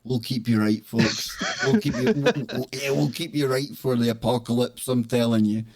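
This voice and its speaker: A man hosts a live talk show in a loose, joking way. He reads out bits and riffs on them with playful asides. His voice sits at an ordinary mid pitch. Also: steady tone, normal speed. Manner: jokey, playful, breaks into laughs and exclamations. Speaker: host. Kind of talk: casual live show chat.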